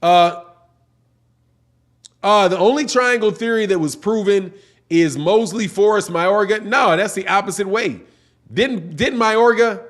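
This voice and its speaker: Middle-aged male stream host, high-pitched, loose and slangy, rambles through viewer comments. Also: a little slow, pauses often. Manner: reads chat comments aloud, slangy and rambling. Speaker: boxing channel host. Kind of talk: casual livestream chat.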